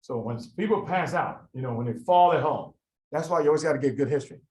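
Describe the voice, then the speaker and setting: A man teaching a live medical review class, quizzing students and talking through the reasoning in an animated way. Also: fairly high pitch, rough recording. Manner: animated, quizzes students, quick asides with sudden quiet drops. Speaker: medical board review lecturer.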